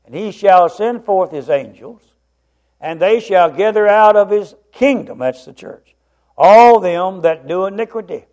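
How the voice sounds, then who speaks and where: A man's voice: high-pitched, a little mellow, highs cut off. Blunt, emphatic male preacher. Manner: blunt, emphatic scripture reading with stumbles. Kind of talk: sermon.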